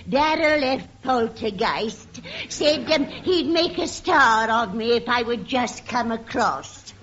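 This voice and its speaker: A woman playing an aging former film star who reminisces grandly and saucily, in a lo-fi radio recording with a loud audience. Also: fairly high pitch, lively intonation, slow pace, very noisy. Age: older.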